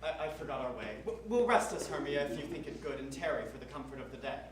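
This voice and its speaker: A man's voice: fairly high pitch, animated, quick pace, background noise, lightly acted. A teenage boy playing a lovestruck young nobleman on stage, in earnest verse. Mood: tender. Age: teens. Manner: earnest verse delivery, softening to intimate. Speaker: stage actor. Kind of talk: stage Shakespeare acting. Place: school theater stage. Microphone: distant room mic. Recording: echoey stage from far off.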